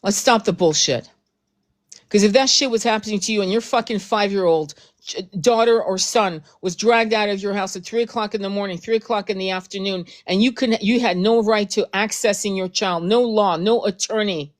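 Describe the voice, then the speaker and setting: A woman's voice: medium pitch, moderate pace. Blunt, swearing woman ranting. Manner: blunt, profane, emphatic, repeats herself. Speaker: host. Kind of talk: heated casual commentary.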